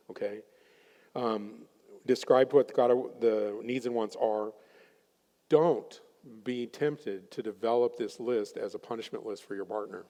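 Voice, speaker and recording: A man's voice: mid-range voice, warm tone, long reverb tail. A man presenting at a workshop, telling a counseling story and acting out his clients' voices. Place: chapel hall.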